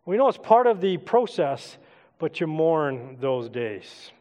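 A middle-aged man with a high voice leads a relaxed, interactive sermon, coaxing his congregation to take part. His voice rings out with a long reverb that trails through a large church sanctuary. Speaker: pastor.

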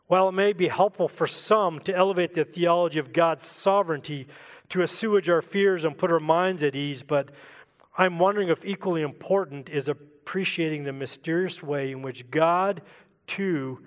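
A man preaching a sermon in a reflective way, asking rhetorical questions and slowing down for emphasis. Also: a little high, big-room sound.

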